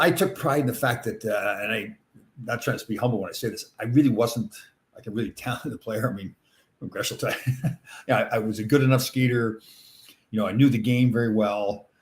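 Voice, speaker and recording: A middle-aged man hosting a podcast, chatting casually and answering listener questions, rambling with lots of fillers and laughing often. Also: on the low side. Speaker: podcast host.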